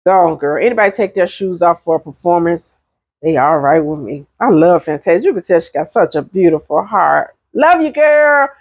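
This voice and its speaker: A middle-aged woman talks straight to her viewers in a casual vlog, chatty and animated, her pitch swooping up and down as she makes her points. The sound is dry and close, with no room around her. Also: normal speed, no echo. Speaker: vlogger giving relationship advice. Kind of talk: casual talk to camera.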